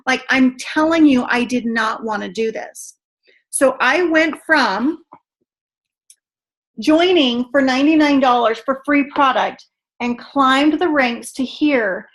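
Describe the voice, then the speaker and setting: Woman, excitable, chatty, higher voice, video call. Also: unhurried. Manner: chatty and excitable, says "you guys" a lot. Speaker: team trainer. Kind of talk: online video call training.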